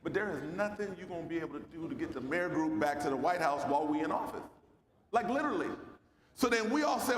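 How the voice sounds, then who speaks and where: High-voiced man, folksy, in an echoey hall. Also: fast talker. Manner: loose, folksy, calls out to the crowd. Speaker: founding mayor and speaker. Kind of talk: lively speech at a luncheon. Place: large banquet hall. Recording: echoey hall with long reverb.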